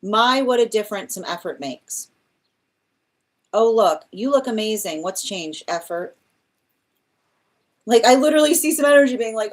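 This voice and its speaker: A woman's voice: medium pitch, lively intonation, normal speed, pauses often. A woman doing a live tarot reading, rambling with many restarts and exasperated asides, laughing often as she mocks. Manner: laughs often while mocking. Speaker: tarot reader.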